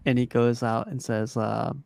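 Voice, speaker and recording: A man co-hosting a casual movie podcast, recounting scenes from his notes with many pauses and fillers. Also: mid-range voice, level tone, creaky, darkish tone, dry recording. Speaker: podcast co-host.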